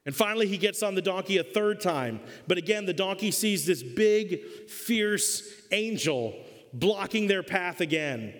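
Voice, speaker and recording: A male pastor preaching a sermon, telling the story in a lively, humorous way. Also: high-pitched, a little slow. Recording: long reverb of a church hall.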